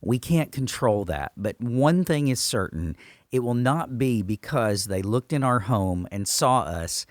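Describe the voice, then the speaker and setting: A man's voice: mid-range voice, animated, measured pace, no room sound, clean studio sound. A man, a pastor, talking earnestly and with emphasis in a church podcast discussion.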